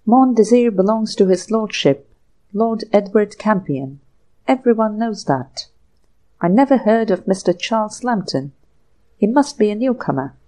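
A woman's voice: medium pitch, animated, a little slow, warm tone, lightly acted. A woman reading the lines of a blunt, matter-of-fact old mariner in a storybook. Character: aged seaside mariner, old man, blunt and unhurried.

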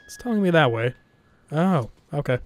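A man's voice: fairly high pitch, lively intonation, moderate pace. A man giving casual live commentary on his own gameplay, talking to himself nervously and swearing as he reacts. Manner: nervous self-talk, frequent swearing, reacting aloud to the game. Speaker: let's play gamer.

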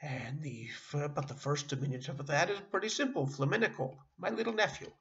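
A middle-aged man teaching a beginner language lesson online, halting often with fillers and restarting words. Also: on the high side, animated, a bit bright, muffled recording. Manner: halting, with frequent uh and self-corrections. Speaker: Yiddish teacher.

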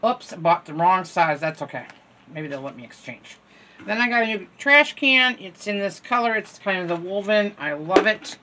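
A woman's voice: mid-range voice, expressive, moderate pace, pushed and bright, slight background noise. An older woman in casual, rambling chat, showing items from a store haul at home and joking at her own expense. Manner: chatty, rambling, self-deprecating. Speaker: haul vlogger. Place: home room.

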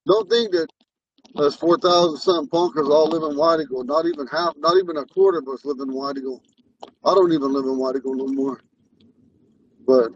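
A man's voice: a little high, a little mellow, far from the mic, muffled recording. A man with a lisp, a Ponca language teacher, talking in a rambling, earnest way while he drives. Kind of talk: casual talk while driving. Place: inside a car on the road.

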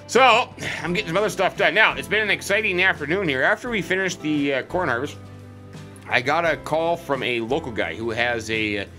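A man's voice: a little high, sharp tone. A man hosting a farming game let's play, chatting in a rambling, folksy, joking way as he plays a farmer character. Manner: rambling, folksy, jokey, self-interrupting.

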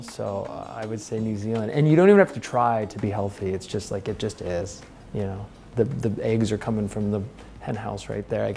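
A man in his thirties, an interview guest talking at home in a relaxed, chatty way, with frequent laughs and fillers. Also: lowish voice, gravelly. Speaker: interview guest, pro snowboarder. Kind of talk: casual chat. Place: house, indoors.

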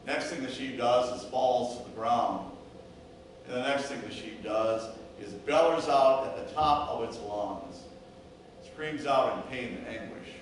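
A male pastor with a medium-pitched voice preaches slowly and deliberately, stringing words into rhythmic lists. The mic sits some distance away, so his voice echoes heavily through the sanctuary, with slight background noise.

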